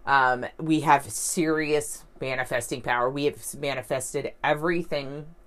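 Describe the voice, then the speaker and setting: A woman's voice: very deep voice, steady tone, a little slow. A woman talking casually to camera as a vlogger and life coach, in a rambling, upbeat way full of fillers and restarts. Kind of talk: casual vlog storytelling.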